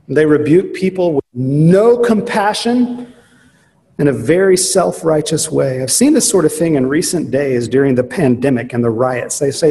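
A man preaching a sermon, earnest and emphatic, slowing down on key phrases. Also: a little high, creaky, dark tone. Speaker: pastor. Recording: long reverb of a large hall.

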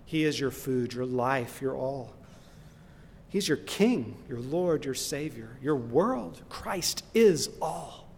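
Slow, earnest preacher in an echoing hall. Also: male voice, medium pitch, lively intonation, vocal fry, slight background noise. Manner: earnest and emphatic, building to impassioned lists. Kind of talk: sermon. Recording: long reverb in a large hall.

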